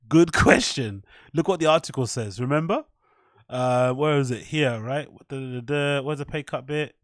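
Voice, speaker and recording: A man's voice: medium pitch, moderate pace, no room sound, studio quality. A man hosting a solo podcast, commenting on clips in a mocking, sarcastic way and swearing freely. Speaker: podcast host. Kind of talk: rambling commentary over clips.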